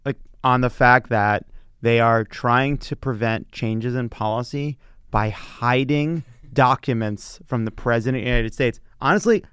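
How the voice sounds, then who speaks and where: A man's voice: medium pitch, fairly even intonation, unhurried, a bit bright, clear, resonant tone, dry recording. A man co-hosting a casual political chat podcast, exasperated and emphatic. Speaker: podcast co-host.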